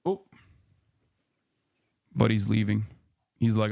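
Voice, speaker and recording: A man's voice: mid-range voice, fairly even intonation, fairly quick, pauses often, darkish tone, no echo, studio quality. A man in a played clip giving argumentative political commentary, lecturing his listeners.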